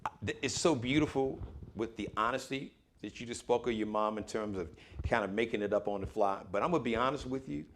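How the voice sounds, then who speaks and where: A man's voice: mid-range voice, quick pace, slight background noise. Enthusiastic male talk show host. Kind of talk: casual chat.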